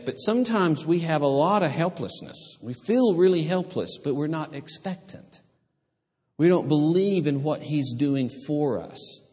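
A man preaching a sermon as a pastor, earnest and halting, with frequent restarts and fillers. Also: fairly high pitch, darkish tone. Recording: long reverb of a hall.

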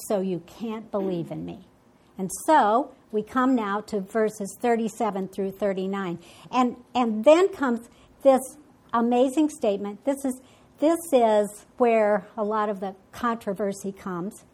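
Higher-voiced woman teaching a Bible study. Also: a little mellow. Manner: thinks aloud with frequent restarts and self-corrections; paraphrases and quotes scripture in a teaching tone.

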